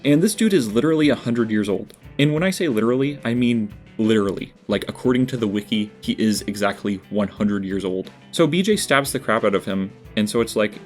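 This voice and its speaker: A man's voice: fairly low pitch, expressive, fairly quick, hardly any pauses, faint music behind. A man narrating a scripted game review, earnest and candid, with dry asides. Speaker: video essay host.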